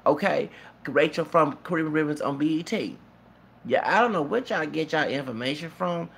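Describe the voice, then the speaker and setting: A man's voice: a little high, moderate pace, creaky, a bit bright, husky. A man ranting casually to his camera as a vlogger, rambling and repetitive, with emphatic asides.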